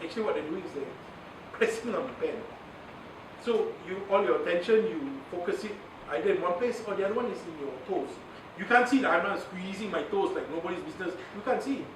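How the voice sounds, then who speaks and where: Animated and fairly quick, with a high voice, a Malaysian-accented media communication trainer delivers a chatty workshop lecture. He laughs frequently and mixes in Malay words, picked up from a distance in an echoey, noisy recording.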